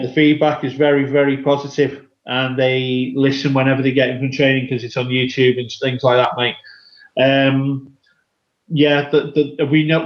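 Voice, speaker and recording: A man speaking in a flat, even voice on a radio chat show, stopping and restarting as he goes. The sound is dull and lo-fi, with a roomy echo around it. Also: medium pitch. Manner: halting, restarts a lot, calls the other host mate.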